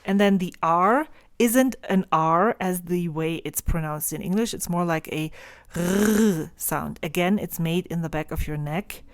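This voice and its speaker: Slow-talking German-accented woman. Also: lowish voice, no echo, studio quality. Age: 40s. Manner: teacherly, sounding out words slowly. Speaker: stationery vlogger. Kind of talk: casual explanatory vlog.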